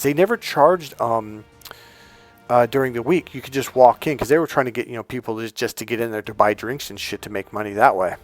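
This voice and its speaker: A man telling a personal story in casual, profane speech, often acting out what others said. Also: mid-range voice. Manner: profane, animated, quoting others in voices.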